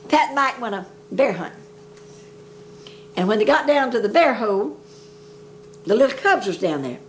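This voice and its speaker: Old lady spinning folk jokes, rambling dialect, higher voice, bit of hiss. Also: very animated, moderate pace. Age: older. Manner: folksy rambling dialect storytelling. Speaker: storyteller.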